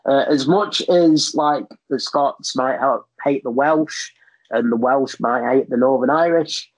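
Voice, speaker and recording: A man's voice: medium pitch, measured pace, rough recording. Blunt, swearing Englishman in casual chat. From England. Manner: blunt, swears freely, rambling asides. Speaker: podcast guest.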